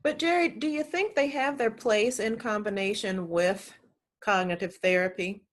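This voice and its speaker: A woman hosts an interview in an ordinary middle-pitched voice. She mostly listens with short responses and then puts a question to her guest. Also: normal speed. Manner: brief attentive responses. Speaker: host.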